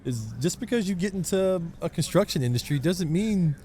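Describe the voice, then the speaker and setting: A man in a live podcast conversation, agreeable and quick to chime in. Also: high-pitched, animated, warm tone, a little hiss or hum. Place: outdoor trade skills event.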